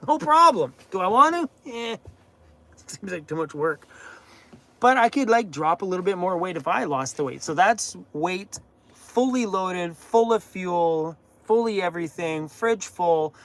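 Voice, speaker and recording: Man, slightly high voice, animated, jokey, laughs at his own jokes, live-stream Q&A host. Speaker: van-life channel host. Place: inside his camper van.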